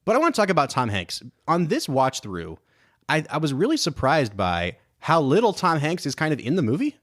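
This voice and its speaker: A man's voice: fairly high pitch, wildly swooping pitch, brisk, a bit bright. A man co-hosting a film podcast, talking through movie scenes with analytical enthusiasm in casual chat. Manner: enthusiastic, analytical, quotes scenes in put-on voices. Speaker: podcast co-host.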